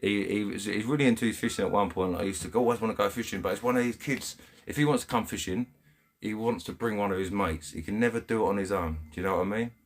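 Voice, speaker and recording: Talking fast in a lowish voice, this English man runs a casual live stream indoors at home. Blunt and slang-heavy, he keeps laughing while going through viewers' comments.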